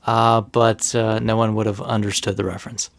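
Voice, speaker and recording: A man co-hosting a casual podcast, telling stories with lively bursts of rising pitch. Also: moderate pace, vocal fry. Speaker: podcast co-host.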